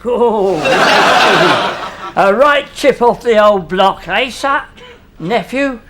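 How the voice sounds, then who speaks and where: A man's voice: high voice, lively intonation, very slow, a bit bright, a little hiss or hum, heavily acted. An actor playing a sly, smug uncle who is running off with his brother's wife.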